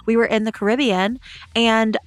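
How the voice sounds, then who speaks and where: A woman's voice: on the high side, fairly even intonation, moderate pace, no echo. A young woman co-hosting a podcast, eagerly leading the story in casual chat. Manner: earnest, enthusiastic, leads the topic. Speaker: podcast co-host.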